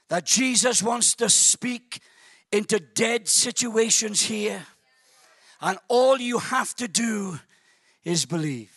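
A man preaching a sermon to a congregation in a church hall, dramatic and calling out to the crowd, often bursting into shouts. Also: high-pitched, studio quality.

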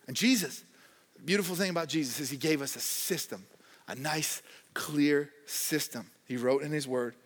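Joking young pastor in a reverberant hall. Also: male voice, on the high side, normal speed. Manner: conversational and joking, acts out quoted voices. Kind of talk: sermon.

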